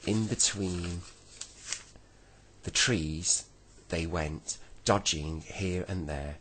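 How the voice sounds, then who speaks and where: A man reading a bedtime story aloud gently, now and then correcting himself. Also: deep voice, drawn-out words, a little hiss or hum, low-quality recording.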